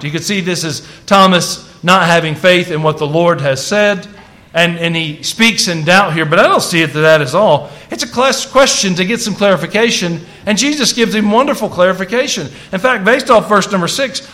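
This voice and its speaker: Speaking to his congregation, this pastor begins casually and rises to fervent emphasis as he dwells on scripture. He has a high, bright voice and a forceful tone.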